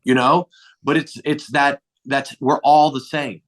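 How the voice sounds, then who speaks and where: Delivering his stories flatly and a little slowly, this middle-aged comedian guest has a mid-range voice. He chats casually, acts out the dialogue, and swears lightly.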